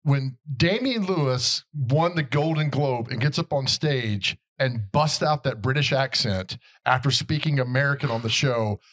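A man's voice: mid-range voice, unhurried, a bit bright. A man co-hosting a podcast, upbeat and asking the guest questions. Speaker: podcast co-host. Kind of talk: casual podcast chat.

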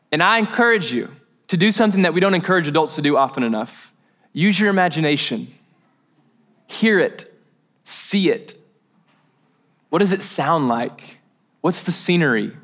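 A man's voice: fairly high pitch, a bit bright. A man preaching a casual sermon at a church service, telling the story in a chatty, joking way before leading a guided meditation.

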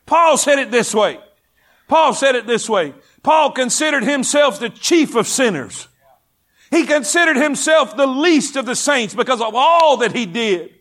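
High-voiced impassioned preacher. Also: male voice, lively intonation, normal speed, a bit bright. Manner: impassioned, repeats phrases, calls for congregation response. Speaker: pastor. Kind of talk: sermon. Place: church sanctuary.

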